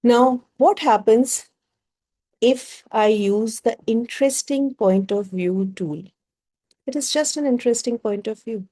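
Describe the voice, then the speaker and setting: A woman's voice: fairly high pitch, unhurried, warm tone. A woman with a Bengali-inflected Indian English accent, leading a group workshop as facilitator and working through ideas with rhetorical questions.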